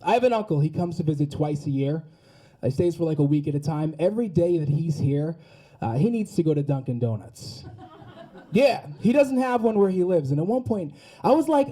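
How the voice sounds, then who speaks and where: Young male comic with a Boston accent, high voice, mellow tone, loose crowd work on a studio stage. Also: animated, brisk. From Massachusetts. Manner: loose, chatty crowd work with swearing and frequent laughs. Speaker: stand-up comedian. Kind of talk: stand-up comedy set. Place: studio stage before a live audience.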